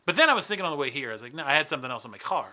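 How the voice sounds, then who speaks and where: A man's voice: fairly high pitch, big pitch swings, very fast, bright, forceful tone. A man who is a stand-up comedian, a guest on a casual podcast, teasing and swearing loosely. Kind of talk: casual chat.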